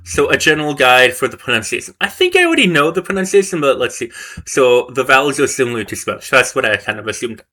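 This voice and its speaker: A man's voice: mid-range voice, big pitch swings, fast talker, sharp tone. A man studying a language course on camera, reading lessons aloud and reacting as he goes. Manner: thinks aloud, reads course text and reacts. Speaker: language learner vlogger. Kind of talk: casual self-study commentary.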